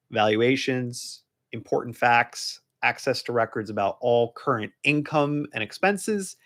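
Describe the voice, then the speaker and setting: A man, working as a divorce lawyer, explaining a court filing in a casual, rambling live stream full of fillers and restarts. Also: mid-range voice. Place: law office.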